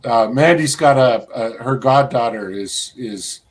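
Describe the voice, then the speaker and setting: A man's voice: mid-range voice, unhurried, rough recording. A man chatting casually as a live panel guest, easygoing and restarting his phrases often. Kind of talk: casual chat.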